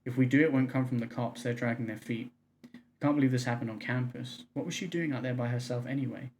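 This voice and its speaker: A man livestreams a story game in a relaxed, conversational way, reading the on-screen messages aloud in a quiet, subdued voice. His pitch sits in the middle, and a faint noise runs under the recording. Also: fast. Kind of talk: casual let's-play commentary.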